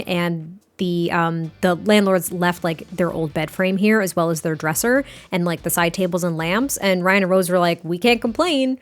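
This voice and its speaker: A young woman casually narrating a life-sim game story, chatty and full of fillers, laughing often. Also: medium pitch. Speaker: gameplay storyteller.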